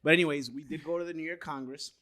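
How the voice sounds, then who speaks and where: A man's voice: a little high, fairly even intonation, very fast, crowd noise. A man in his thirties co-hosting a podcast, chatting casually and telling stories with frequent laughter. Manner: storytelling, laughing often. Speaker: podcast co-host. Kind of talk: casual chat.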